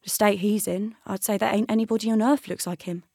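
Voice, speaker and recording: A woman's voice: mid-range voice, steady tone, brisk, a little mellow, no echo, studio quality, close to an everyday voice. A woman voicing a plain-spoken, folksy man answering questions in a read-aloud novel.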